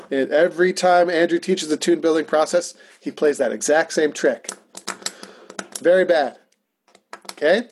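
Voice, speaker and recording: Chatty man teaching a tune, slightly high. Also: darkish tone, a little hiss or hum. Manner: talky, encouraging, sings rhythm syllables. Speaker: music teacher. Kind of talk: casual online music lesson.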